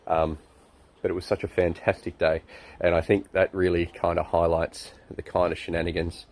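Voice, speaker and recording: A man's voice: low-pitched, little pitch movement, normal speed, darkish tone. A man in his forties with an Australian accent, telling a long, rambling anecdote to a friend, chuckling and full of fillers. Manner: chuckling, loose storyteller with many fillers. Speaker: friend giving a birthday message.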